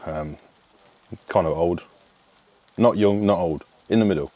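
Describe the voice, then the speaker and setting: A man's voice: low-pitched, measured pace, warm tone, dull audio. A man, chatting casually to camera as a fitness coach, rambling and swearing freely. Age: 30s. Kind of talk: casual vlog chat.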